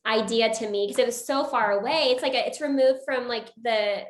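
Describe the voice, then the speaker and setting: A woman's voice: fairly high pitch, fairly quick, roomy sound, slight background noise. A woman guest photographer in casual chat, talking in a chatty way with frequent laughs and lots of filler "like"s.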